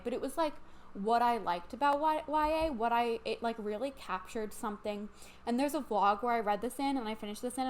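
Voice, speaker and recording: A young woman in her twenties, a little tipsy on wine, chatting casually about books at home and rambling with lots of fillers and restarts. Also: medium pitch. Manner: rambling, self-interrupting, lots of likes and ums. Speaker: book vlogger. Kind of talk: casual chatty book review.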